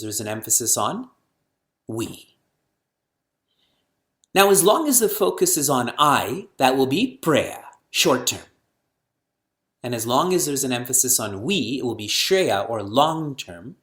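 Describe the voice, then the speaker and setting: In a lecture on scripture before an audience, a middle-aged spiritual teacher fires rhetorical questions and slowly chants verses. His mid-range voice is very animated and a bit bright.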